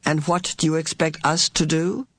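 A woman voicing an ancient, otherworldly female being who speaks in a cool, measured, calm way. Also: low voice, no echo.

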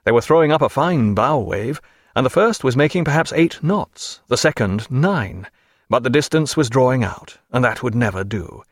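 A man narrates a seafaring novel in a measured, steady reading voice. His pitch sits in a middle range. The recording is dry and close. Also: no room sound. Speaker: audiobook narrator. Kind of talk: scripted narration.

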